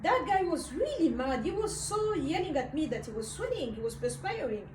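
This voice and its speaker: High-voiced woman telling a dream, roomy and distant. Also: very animated, a little mellow, slight background noise. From Africa. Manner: unhurried, hesitant, frequent uh fillers. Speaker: speaker recounting a dream. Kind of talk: personal testimony, storytelling.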